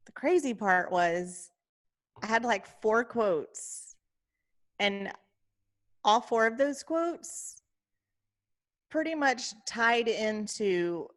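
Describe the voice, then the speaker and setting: A woman podcast co-host in casual chat, telling a story in an animated way and often quoting herself and others. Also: fairly high pitch, drawn-out words, pauses often.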